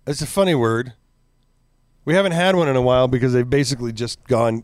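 A man's voice: mid-range voice, a little fast, clear, resonant tone, dry recording, studio quality. A man hosting a podcast, chatting casually with crude, sardonic, profane humor. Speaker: podcast host. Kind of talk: casual chat.

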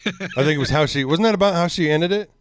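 A man's voice: a little high, quick pace. Crude sardonic male podcast host. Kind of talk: casual chat.

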